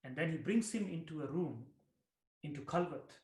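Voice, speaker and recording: A man, a spiritual teacher, telling a mystic story slowly and dramatically, repeating lines for effect. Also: fairly high pitch, expressive, darkish tone. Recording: roomy echo.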